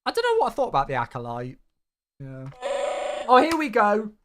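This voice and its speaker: A man chatting casually on a flight-sim live stream, excitable and effusive toward his viewers, sounding tired. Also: sits high, moderate pace, a little hiss or hum.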